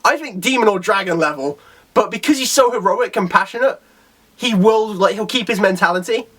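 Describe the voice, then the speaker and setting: Fairly high-voiced guy rambling through a comic chapter review, lots of so and like. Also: animated, a little fast, sharp tone. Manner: rambling, enthusiastic, many fillers and restarts. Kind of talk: casual video review.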